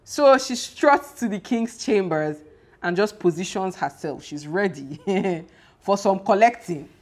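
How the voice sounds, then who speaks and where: A young woman, casually chatting and recapping a TV series in an animated, exclaiming way. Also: medium pitch, measured pace. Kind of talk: casual chat.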